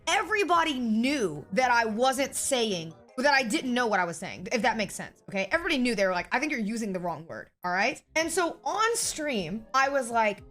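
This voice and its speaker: A young woman streamer telling a story to her audience in a slightly high voice. She is blunt and swears freely, and she keeps pausing on a checking "okay?". Faint music plays underneath. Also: a bit bright. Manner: blunt and profane, often adding a checking "okay?". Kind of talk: casual storytelling to viewers.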